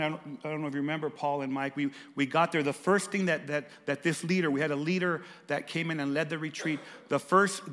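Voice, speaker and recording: A pastor preaching a sermon, swinging from raised, emphatic lines to hushed, soft ones. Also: male voice, on the high side, long reverb tail.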